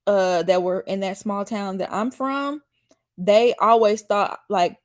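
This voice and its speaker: A woman's voice: medium pitch, fairly even intonation, slow pace. Chatty woman with a slight Southern twang. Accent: slight Southern US country accent. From Mississippi, US. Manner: chatty, rambling, reads viewer comments aloud and answers them. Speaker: YouTube host reacting to a dating show. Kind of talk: casual live-stream commentary.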